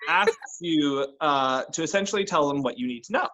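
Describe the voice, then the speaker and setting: A game master with a slightly high, bright, forceful voice runs a tabletop role-playing game, speaking expressively at a moderate pace; the audio quality is poor. His manner is casual and chatty as he narrates and talks with players, restarting lines and laughing.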